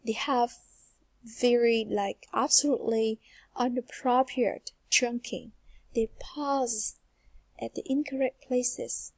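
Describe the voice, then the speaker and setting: A young woman gives an English pronunciation lesson at an unhurried pace. Her voice is slightly raised in pitch with a husky edge. She repeats each example phrase slowly to demonstrate it. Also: darkish tone, dry recording. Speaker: English teacher. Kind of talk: slow, careful pronunciation lesson.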